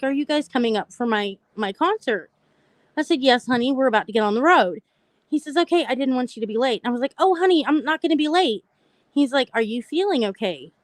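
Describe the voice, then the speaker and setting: Speaking a little fast with lively intonation, a woman with a slightly high voice tells viewers her personal story in a dry recording. She hosts a live stream on mental health and keeps it open, talkative and conversational, addressing the audience head-on.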